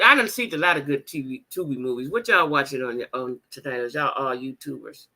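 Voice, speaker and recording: A woman hosting a casual livestream chat, talking to her viewers in a blunt, animated and profane way, with repeated exclamations. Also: extremely low pitch, fairly quick. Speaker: livestream host reading viewer comments.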